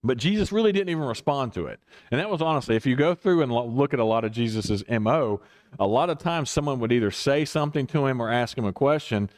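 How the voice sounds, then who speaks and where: A man's voice: mid-range voice, lively intonation, quick pace. A man leading a casual Bible study as pastor, rambling and correcting himself with chuckling asides.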